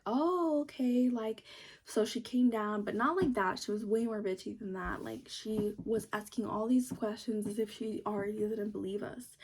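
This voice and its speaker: A woman in her twenties with a husky, mellow voice tells a storytime to her viewers. She talks casually and animatedly, swears freely and acts out what people said. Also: medium pitch. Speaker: vlogger.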